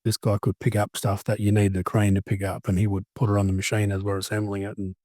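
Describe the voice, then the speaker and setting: A man's voice: on the low side, little pitch movement, fast talker, darkish tone, no echo, clean studio sound. A man hosting a podcast interview, joking and telling long anecdotes in casual chat. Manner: jokey, tells long anecdotes. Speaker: podcast host.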